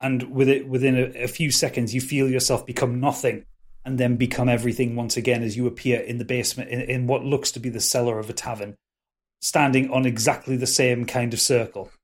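Halting man running a tabletop game. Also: mid-range voice, little pitch movement. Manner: halting, many restarts and fillers. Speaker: game master.

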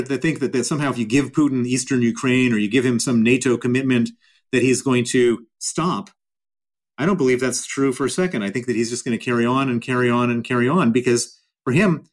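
A middle-aged man answering interview questions in a blunt, emphatic way, repeating phrases for stress. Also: mid-range voice. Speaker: guest.

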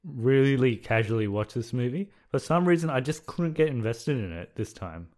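A man co-hosting a casual film podcast, relaxed and a little hesitant as he talks. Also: mid-range voice, moderate pace. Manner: relaxed, hesitant, lots of fillers. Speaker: podcast co-host.

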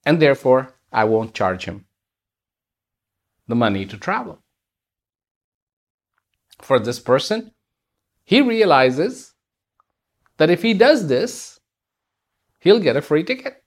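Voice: medium pitch, big pitch swings, slow, pauses often. A speaker giving a reflective spiritual talk, using rhetorical questions and repetition for emphasis.

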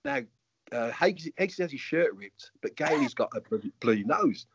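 Brummie ex-footballer spinning yarns, husky, muffled dry sound. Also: male voice, mid-range voice, normal speed, no room sound. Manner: animated, acts out quoted voices. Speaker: former footballer and coach, guest. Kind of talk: anecdotal storytelling.

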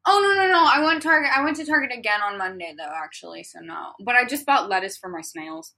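A young woman co-hosting a podcast from a dorm room, chatting casually with giggles, swearing and deadpan jokes. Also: a little high, fast talker, gravelly. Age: young adult. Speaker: podcast co-host. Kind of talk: casual chat. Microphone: laptop.

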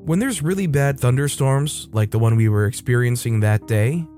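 A man's voice: mid-range voice, normal speed, warm tone, soft background music. A man narrating Reddit stories aloud with wry, conversational asides. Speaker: storytime narrator.

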